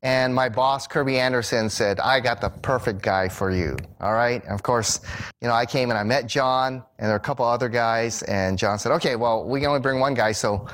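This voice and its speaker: A middle-aged man telling a personal story in a sermon, animated and acting out the voices of the people he quotes. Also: a little fast. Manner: animated storyteller who acts out quoted voices with big pitch jumps. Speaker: Bible teacher and speaker.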